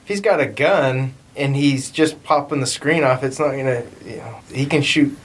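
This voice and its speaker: A man's voice: mid-range voice, normal speed. A man co-hosting a casual podcast, often chiming in with short agreements. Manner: frequent agreeing interjections. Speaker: podcast co-host.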